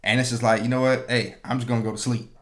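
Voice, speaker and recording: A man's voice: medium pitch, fast talker. A man, co-hosting a casual podcast and telling stories, acting out what others said. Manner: animated storyteller, acts out quotes. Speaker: podcast co-host. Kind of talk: casual chat.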